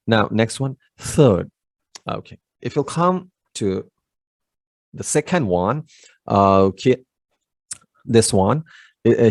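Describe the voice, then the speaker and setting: A man teaching spoken English online, slowly drilling pronunciation and answering each word with short affirmations. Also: on the low side, vocal fry, darkish tone, dry recording.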